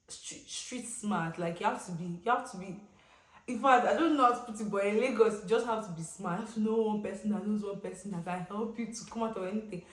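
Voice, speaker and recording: A woman's voice: mid-range voice, a little fast. Young Nigerian woman telling a story in an echoey room. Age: young adult. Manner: chatty, expressive storytelling with slang and pidgin asides. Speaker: vlogger. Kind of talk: casual storytime.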